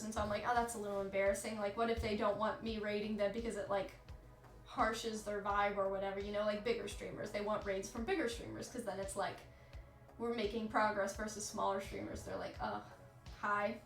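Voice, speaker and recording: A candid woman in her thirties, chatting to her stream with a slightly high voice and swearing freely. The room is echoey and faint music plays behind her. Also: a bit bright. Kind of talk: casual chat with live chat.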